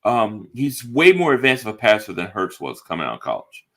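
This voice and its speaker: A man's voice: fairly low pitch, big pitch swings, brisk, fairly bright tone. A man, co-hosting a casual sports podcast, confident and emphatic, repeating words for stress. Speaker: podcast co-host.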